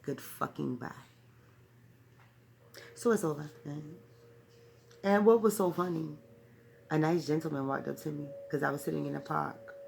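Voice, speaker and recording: Gravelly-voiced woman telling a rambling story. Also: sits low, steady tone, normal speed, darkish tone, slight background noise. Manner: rambling, peppers talk with "right"; profane, laughs while telling. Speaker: vlogger. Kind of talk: casual storytelling.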